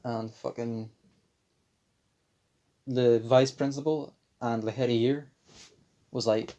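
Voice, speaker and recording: A man's voice: medium pitch, steady tone, takes it slowly, long pauses, dark tone. A young man in his late teens telling a crude childhood story on a podcast, rambling and swearing, his voice sometimes cracking. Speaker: podcast co-host. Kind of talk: casual storytelling chat.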